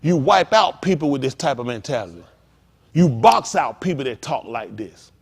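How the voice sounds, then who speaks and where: A man's voice: medium pitch, sing-song, moderate pace, slightly rough. A man preaching a sermon as pastor, with call-outs to listeners and acted-out asides.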